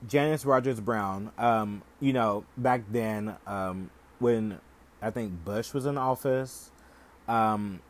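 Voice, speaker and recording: A man's voice: lowish voice, slow pace. A young man hosting a podcast, ranting in heated, casual commentary full of "like" and profanity. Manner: heated, profane, heavy use of "like". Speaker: podcast host.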